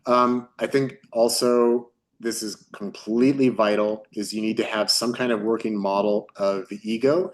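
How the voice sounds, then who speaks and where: A man presenting a training webinar, explaining at a desk and running through long strings of questions. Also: fairly low pitch. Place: at a desk with a pen in hand.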